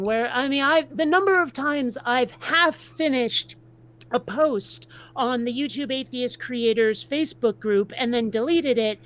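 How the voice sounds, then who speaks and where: A woman from Vermont venting bluntly in a casual group video chat, stumbling over her words as she restarts sentences. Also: high voice. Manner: blunt, ranting, frequent restarts. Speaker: atheist video creator.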